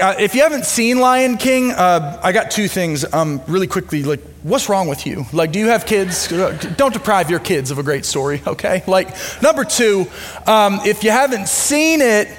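A man with a high voice delivers a sermon as relaxed, animated storytelling, filled with fillers and asides. He is speaking in a church auditorium with long reverb. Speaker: pastor. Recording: long reverb of a large hall.

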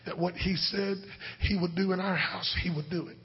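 A man pastor preaching a sermon as a story, swinging between loud shouted lines and hushed whispers. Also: sits high, fairly even intonation, normal speed. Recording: dull lo-fi sound.

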